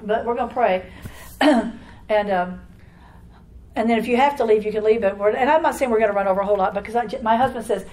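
Woman preacher, highish voice, rapid run-on sermon, echoey church room, faint ambience. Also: darkish tone. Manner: fast, run-on talk with restarts and throat clearing. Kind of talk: charismatic sermon.

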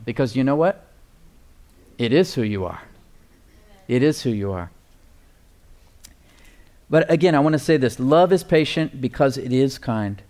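A man preaching a sermon, slowing down to stress key phrases and calling for responses from the congregation. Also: fairly high pitch, animated, darkish tone. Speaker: pastor.

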